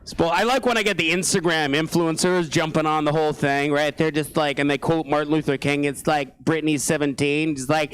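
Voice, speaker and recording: A man's voice: on the high side, steady tone, a little fast, hardly any pauses, fairly bright tone, smooth, poor audio. A man doing a stand-up set on a small theatre stage, ranting angrily, swearing a lot and laughing at his own jokes. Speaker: stand-up comedian.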